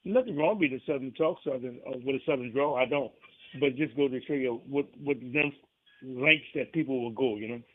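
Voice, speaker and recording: A man's voice: mid-range voice, brisk. A man from New Orleans with a New Orleans accent, calling into a radio show and talking in a rambling, folksy way with many restarts. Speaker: caller. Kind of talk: call-in radio chat. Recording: tinny phone line.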